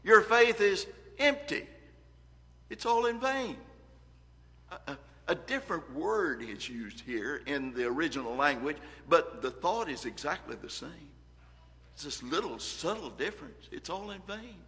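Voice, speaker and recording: A man's voice: a little high, expressive, measured pace, bright, forceful tone, big-room sound. A man preaching a sermon, reading scripture aloud with earnest emphasis and shifting volume.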